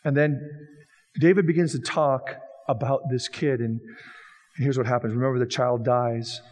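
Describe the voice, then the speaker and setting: A man's voice: mid-range voice, steady tone, normal speed, darkish tone. A man preaching a sermon as pastor, building emphasis through repeated phrases. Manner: preaching with rising emphatic repetition.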